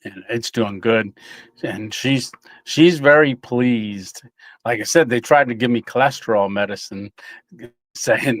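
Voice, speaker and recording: A middle-aged man chats loosely on a livestream, his talk full of "uh"s and easy chuckles. His voice sits at an ordinary pitch. The sound is dry and close, with no room around it. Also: unhurried, no room sound. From Tennessee, USA. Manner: rambling, chuckling, many fillers. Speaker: livestream host. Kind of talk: casual live chat reading comments.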